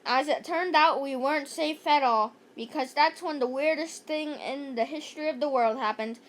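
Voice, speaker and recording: A woman's voice: high-pitched, normal speed. A woman reading a children's chapter book aloud in a playful way, with jokey asides. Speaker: narrator.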